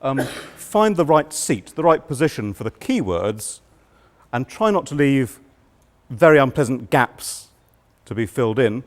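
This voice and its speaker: A man giving a lecture on writing verse, measured and explanatory with a dry humor. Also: medium pitch, sing-song.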